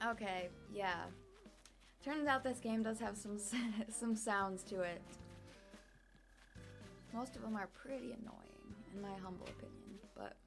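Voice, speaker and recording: A woman's voice: mid-range voice, measured pace, long pauses, over music. A young woman casually commenting on her gameplay, chatty and self-deprecating with many fillers, at a desk microphone. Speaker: streamer.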